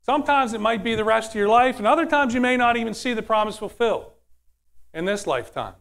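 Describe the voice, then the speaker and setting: High-voiced preacher, conversational sermon. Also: male voice, expressive, fast, vocal fry, fairly bright tone. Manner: conversational, asks the audience questions.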